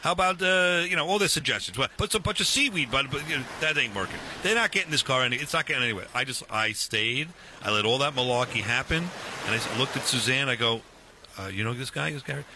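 A man in his fifties casually telling a long story, animated and full of restarts, acting out the dialogue. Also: mid-range voice, fast, background noise.

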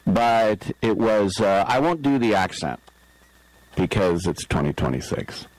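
Middle-aged male sports radio host, deep voice, dry studio sound, rambling anecdotes. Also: very animated, measured pace, darkish tone, no room sound, poor audio. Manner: rambling, self-deprecating, acts out quotes. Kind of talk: casual storytelling on radio. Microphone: studio microphone.

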